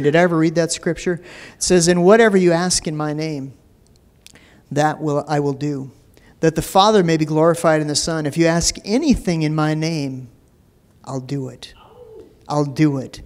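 Storytelling pastor preaching with rising fervor. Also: male voice, on the high side, moderate pace. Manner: storytelling, building to emphatic preaching; repeats words when starting phrases. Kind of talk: sermon.

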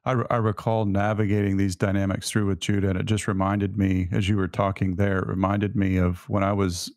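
A man's voice: low-pitched, flat delivery, brisk, darkish tone, no echo, clean studio sound. A middle-aged man co-hosting a faith podcast, telling a personal story in an earnest, reflective way. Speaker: podcast co-host.

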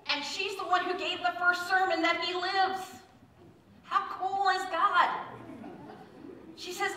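Bright-voiced woman pastor preaching. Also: sits high, a little hiss or hum. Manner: conversational storytelling, acts out quotes with inflection. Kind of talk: sermon. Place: church sanctuary. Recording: echoey church room, mic at a distance.

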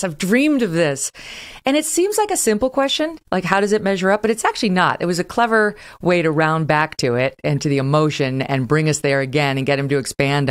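A woman hosting a conversational interview, talking in an expressive, enthusiastic way. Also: low voice. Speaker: podcast host.

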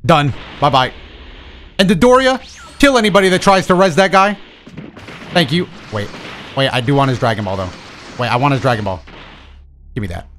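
A young man streaming a video game, talking to himself in excitable, profane commentary. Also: fairly high pitch, moderate pace, long pauses, slight background noise. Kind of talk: casual gameplay commentary.

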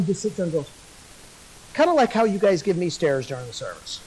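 A man's voice: fairly high pitch, very animated, fast, low-quality recording. A male pastor preaching a sermon, folksy and joking as he tells a story.

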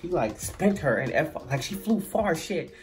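A man telling a funny story in a storytime vlog, animated and acting out the voices of the people in it. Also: on the high side, normal speed, soft background music.

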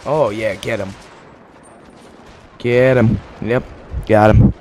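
Deadpan joking man narrating gameplay. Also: fairly low pitch, takes it slowly, a little hiss or hum. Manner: deadpan mock-serious, swings to excited outbursts. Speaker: gameplay commentator. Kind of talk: joking live game commentary. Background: game gunfire and explosions.

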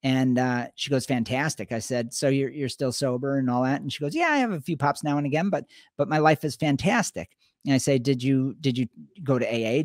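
A middle-aged man co-hosting a podcast, talking casually and retelling conversations in an animated way. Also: medium pitch, dry recording, clean studio sound. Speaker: podcast co-host.

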